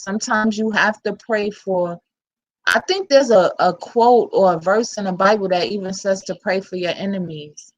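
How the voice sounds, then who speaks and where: A woman with a New York accent speaks in an unhurried, drawn-out way. She talks bluntly and frankly, full of street slang, as she gives casual commentary on her own channel. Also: medium pitch, muffled recording. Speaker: channel host.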